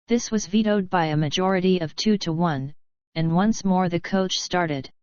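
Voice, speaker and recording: A woman narrating an audiobook in a measured, even reading. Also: lowish voice, smooth, dry recording, dull audio.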